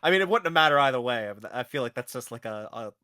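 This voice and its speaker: Guy cohosting a game podcast, bright voice, dry close mic, restarts a lot. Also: mid-range voice, expressive, quick pace, clean tone, no room sound. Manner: chatty, restarts phrases, laughs easily. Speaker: podcast co-host. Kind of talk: casual chat.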